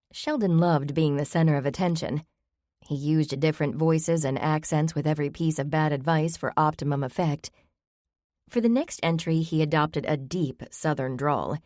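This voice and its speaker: A woman narrates a story in a low voice with a light, wry touch. The recording is dry and close, with no room sound. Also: moderate pace, mellow, no echo. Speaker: audiobook narrator. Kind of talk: scripted narration.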